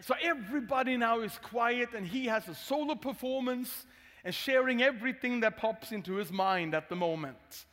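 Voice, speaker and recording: A man's voice: very high-pitched, lively intonation, normal speed, a bit bright. A man with a Swedish accent, a pastor telling a funny, candid story in a sermon. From Sweden. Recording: long hall reverb.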